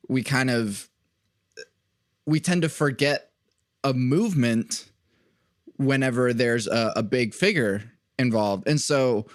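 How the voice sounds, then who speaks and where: A man's voice: medium pitch, dry recording, studio quality. A man who is a guest on a podcast, speaking reflectively in casual conversation, often restarting his sentences. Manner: reflective, halting with many restarts.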